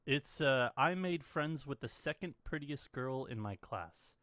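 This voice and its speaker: A man hosting a casual podcast over a voice call, relaxed and full of "yeah, no" fillers. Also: medium pitch, unhurried, no echo, clean studio sound. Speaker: podcast host. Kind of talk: casual chat.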